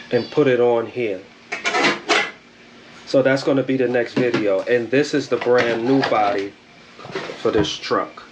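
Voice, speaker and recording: A man hosting a casual home vlog, talking in a relaxed, rambling way with laid-back slang. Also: medium pitch, background noise. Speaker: vlog host. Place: home indoors.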